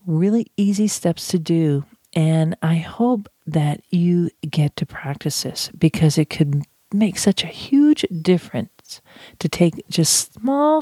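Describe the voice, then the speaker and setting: A communication trainer giving a chatty, animated teaching talk with self-deprecating asides. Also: medium pitch, no echo, clean studio sound. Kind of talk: podcast-style teaching talk.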